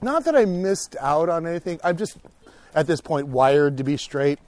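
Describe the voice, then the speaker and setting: A young man with a fairly high voice tells stories in a loose, swearing, animated way, acting out his own reactions as he walks a park trail. The sound is close and dry, with little room around it. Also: normal speed, no room sound. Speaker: podcast guest. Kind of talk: casual chat on a walk. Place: outdoors on a park hiking trail.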